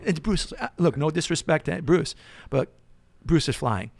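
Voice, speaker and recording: A middle-aged man with a New York accent, telling an animated story as a podcast guest. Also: fairly high pitch, moderate pace, gravelly, no room sound. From United States. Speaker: guest musician. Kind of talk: storytelling in casual chat.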